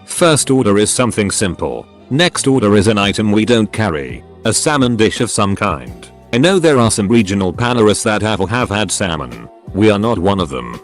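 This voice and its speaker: A man's voice: on the low side, moderate pace, hardly any pauses. A man narrating online stories in a scripted voice-over, briefly acting out the customers and workers in each story. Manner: lively storytelling, acts out customers' lines. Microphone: studio voice-over mic. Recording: faint background music.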